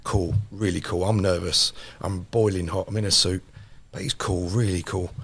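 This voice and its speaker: Gravelly man telling stories. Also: low voice, moderate pace. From London. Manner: animated anecdote teller, repeats phrases for emphasis. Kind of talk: casual storytelling chat.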